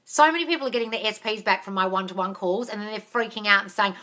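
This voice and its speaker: A woman's voice: medium pitch, expressive, pushed and bright. Blunt, swearing woman coach. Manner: blunt, swears freely, brisk and exasperated. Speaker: manifestation coach hosting a live Q&A. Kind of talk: casual live-stream Q&A.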